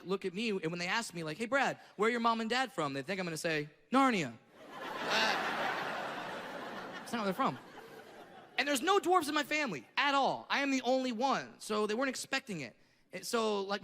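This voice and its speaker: A male stand-up comedian doing a brash, profane set on a large theater stage, breaking into shouted rants, with a handheld stage mic. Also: high voice, vocal fry, slight background noise. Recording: live theater with reverb and crowd laughter.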